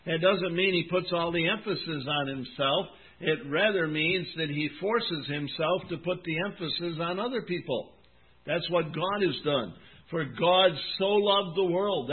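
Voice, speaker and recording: A man in his seventies preaching a sermon in an earnest, folksy way, leaning on words slowly for emphasis. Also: on the high side, slightly rough. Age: 70s. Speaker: pastor. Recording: tinny phone-like recording.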